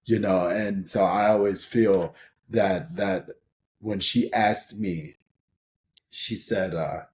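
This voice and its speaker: Deep-voiced rambling middle-aged man. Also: fairly even intonation, slow, darkish tone. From St. Paul, Minnesota, USA. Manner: rambling, full of "you know" and restarts, laughs as he tells stories. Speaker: podcast guest. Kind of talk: casual interview storytelling.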